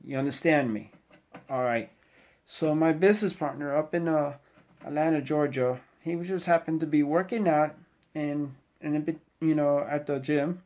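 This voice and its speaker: A man's voice: on the high side, normal speed, a little mellow. A middle-aged man, a Navy sailor, giving a casual motivational talk to the camera, preachy and rambling with lots of "you know" asides. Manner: preachy, exhorting the viewer directly.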